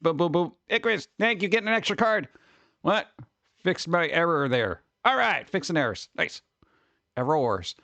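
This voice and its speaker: A man hosting a casual livestream in a jokey, excitable way, breaking into sudden exclamations as he chats with viewers. His voice sits fairly high, and the recording is dry and close. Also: moderate pace, gravelly, no echo. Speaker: livestream host.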